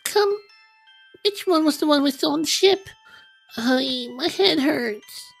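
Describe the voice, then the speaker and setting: A high, squeaky little principal, put on by a woman reading game dialogue aloud, jumpy and proud. Her voice sits well above the reader's own and swings all over. Faint music plays behind her. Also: animated, slow, vocal fry, exaggerated voice. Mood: bewildered. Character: flustered small young female principal, jumpy and proud.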